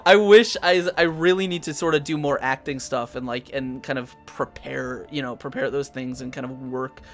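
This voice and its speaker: A man's voice: medium pitch, fairly even intonation, normal speed, creaky, soft background music. A man hosting a live tabletop chat stream as the dungeon master, talking in rambling bursts with many restarts.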